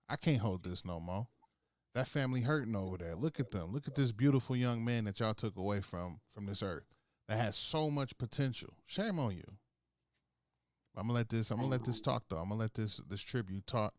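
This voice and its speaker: A man's voice: medium pitch, no echo, clean studio sound. A man co-hosting a podcast, speaking in an impassioned way and repeating phrases for emphasis. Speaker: podcast co-host. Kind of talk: casual chat.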